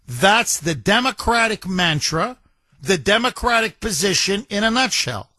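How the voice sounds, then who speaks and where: A man's voice: high voice, very animated, measured pace, sharp tone, dry recording. A man hosting a talk radio show, delivering a combative, emphatic and mocking monologue from a studio microphone.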